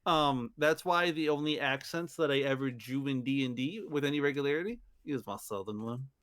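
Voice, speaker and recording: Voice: mid-range voice, brisk, fairly bright tone, no echo. A playful, joking co-host in casual chat on a live stream. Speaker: podcast co-host.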